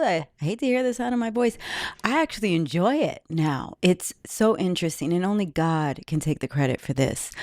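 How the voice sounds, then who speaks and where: A woman's voice: sits low, a little mellow, no room sound, studio quality. A woman podcast host giving an earnest, reflective, faith-based talk about her own life.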